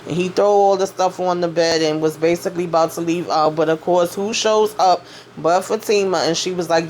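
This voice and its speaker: A woman's voice: on the low side, fairly even intonation, a little fast, darkish tone, a little hiss or hum. Chatty woman recapping a show. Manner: retells scenes by quoting characters in a loose chatty way; frequent fillers like "you know what I'm saying". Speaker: TV recap vlogger. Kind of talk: casual TV episode recap.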